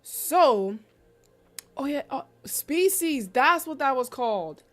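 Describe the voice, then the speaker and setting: Speaking slowly in a voice that sits high, a female streamer tells stories casually on her live stream. Her style is lively and slangy, with loud exclamations of disbelief.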